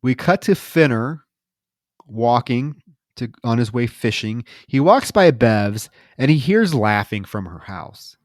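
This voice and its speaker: A man's voice: medium pitch, lively intonation, takes it slowly, no room sound, clean studio sound. A man co-hosting a podcast, recapping a film in casual, profane, wry storytelling and acting out its characters' lines. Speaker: podcast co-host. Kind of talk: casual movie recap chat.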